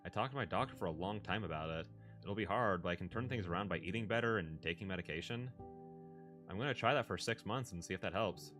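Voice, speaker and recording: A man reading a story aloud, voicing a young adult brother who is quick, laughing and apologetic. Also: low voice, fairly bright tone, faint music behind. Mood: surprised.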